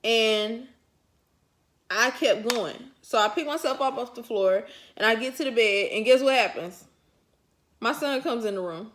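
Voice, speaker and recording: A woman's voice: a little high, unhurried, pauses often, fairly bright tone. A woman vlogger telling a personal story to her viewers in casual, colloquial chat, chuckling often as she talks. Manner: talks straight to the audience.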